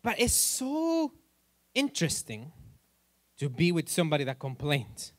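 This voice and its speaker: A man's voice: on the high side, wildly swooping pitch, measured pace, no echo. A male pastor preaching in a church in a loose, joking way, asking the congregation questions as he goes. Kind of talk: sermon.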